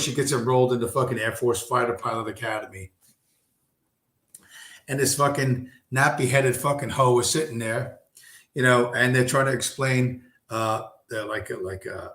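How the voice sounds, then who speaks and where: A man's voice: mid-range voice, fairly even intonation, normal speed, a bit bright. A man streaming a casual, rambling, profane monologue full of fillers. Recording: roomy echo.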